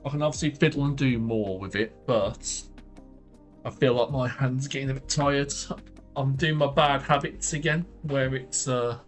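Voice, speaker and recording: A man's voice: medium pitch, steady tone, normal speed. A man chatting casually on a livestream while he draws, thinking aloud in loose, trailing phrases. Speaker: art streamer. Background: faint background music.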